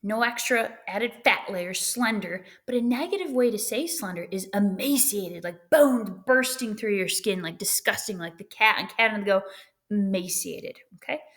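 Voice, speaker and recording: Lively woman teacher giving a lesson. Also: medium pitch, moderate pace. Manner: lively, tags with "right?" and "okay?". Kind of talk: recorded classroom lesson.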